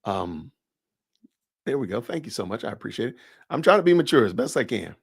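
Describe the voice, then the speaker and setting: A man's voice: fairly low pitch, big pitch swings, fairly quick, gravelly, husky, dry recording, studio quality. Chatty Southern man hosting a livestream. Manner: chatty, rambling, self-correcting. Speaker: podcast host. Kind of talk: casual livestream talk.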